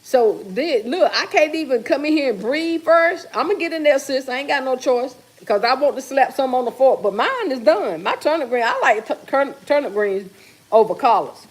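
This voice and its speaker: Woman livestream host, fairly high voice, casual teasing chat, reads viewer comments, cooking in her kitchen. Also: animated, normal speed, breathy edge. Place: home kitchen while cooking.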